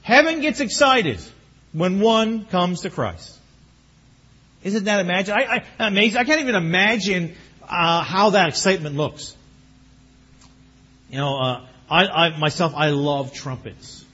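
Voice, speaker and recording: Animated, husky-voiced male pastor preaching. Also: high voice, a little slow, pauses often. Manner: animated, bursts into excited exclamations. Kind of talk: sermon. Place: church sanctuary. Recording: muffled lo-fi recording.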